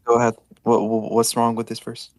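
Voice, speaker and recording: Fast-talking man caller, dry sound. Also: mid-range voice, monotone, no room sound. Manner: rapid, defensive, keeps asking to respond. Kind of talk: live religious debate.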